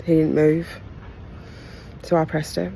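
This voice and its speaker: Aussie-born woman podcaster, low flat voice, candid and halting, telling it straight. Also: gravelly, a little hiss or hum, rough recording. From Australia. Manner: candid, heartfelt retelling; halting, pauses between phrases. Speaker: podcast host. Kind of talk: personal storytelling podcast.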